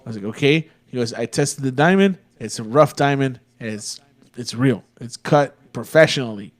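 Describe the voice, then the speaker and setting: A man's voice: mid-range voice, normal speed. A young man from Texas, a podcast co-host, telling a long rambling story in a casual, profane way. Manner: profane, rambling, laid-back.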